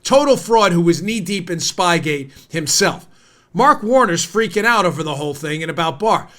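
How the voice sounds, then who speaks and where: An American man in his forties hosting a political commentary podcast, heated and indignant, his voice climbing toward near-shouting. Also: high voice, lively intonation, normal speed. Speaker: podcast host.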